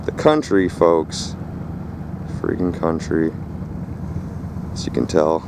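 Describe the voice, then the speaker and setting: A man's voice: very deep voice, fairly even intonation, slow pace, vocal fry, pauses often, background noise. A man vlogging outdoors at a rural property while hauling scrap, talking loosely to viewers with plenty of swearing and sometimes out of breath. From Michigan. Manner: loose, profane, addresses viewers as folks and boys. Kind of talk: casual vlog narration.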